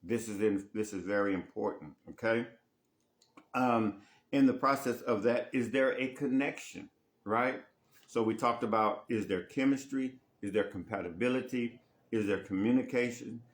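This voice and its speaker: Lowish-voiced man coaching on dating. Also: moderate pace. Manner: repeats phrases, asks rhetorical questions with "right?". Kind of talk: casual teaching monologue.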